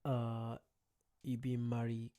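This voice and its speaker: A man's voice: medium pitch, monotone, slow pace, dark tone. A young man with an Irish accent, chatting casually on a livestream, reading out viewer comments, rambling and joking about himself. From Ireland. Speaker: streamer.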